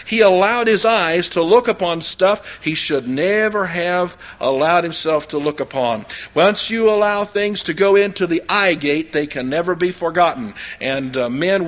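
A man's voice: high voice, a bit bright. An older man preaching a sermon in a folksy, rambling way, full of homespun anecdotes and fillers. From Oklahoma. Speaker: pastor.

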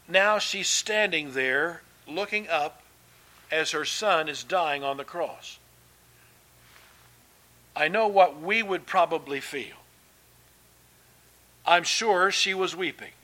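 A man preaching a sermon as pastor, emphatic and swinging between loud and soft, with conversational asides and restarts. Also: fairly high pitch, slow, pauses often.

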